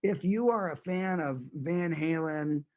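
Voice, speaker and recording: A man telling stories as a guest in a casual interview, animated and laid-back. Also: a little high, measured pace. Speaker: guest musician.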